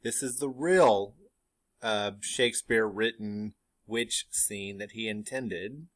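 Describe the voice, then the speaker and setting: A man teaching a play, explaining it in a relaxed way with fillers and asides. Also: fairly low pitch, slow pace. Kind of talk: casual classroom explanation.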